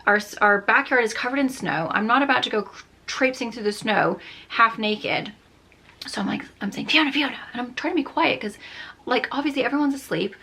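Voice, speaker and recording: A woman's voice: mid-range voice, creaky, bright, forceful tone, slightly rough. A woman in her thirties telling a rambling story while doing her makeup, full of "like" and sometimes dropping to a near whisper. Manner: chatty, lots of "like", drops to a near whisper at times. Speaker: beauty vlogger.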